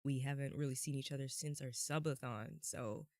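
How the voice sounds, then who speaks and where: A man co-hosting a gaming podcast with a raspy voice, cheerful and laughing often. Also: medium pitch, fairly even intonation, moderate pace, no room sound, studio quality. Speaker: podcast co-host. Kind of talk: casual podcast chat.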